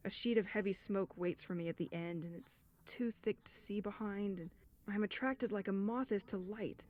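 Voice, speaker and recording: A woman's voice: medium pitch, moderate pace, slight background noise, close to an everyday voice. An actress voicing a lonely young woman recording reflective, wry diary entries in a game. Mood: weary. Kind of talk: game voice acting. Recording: tinny phone-like sound.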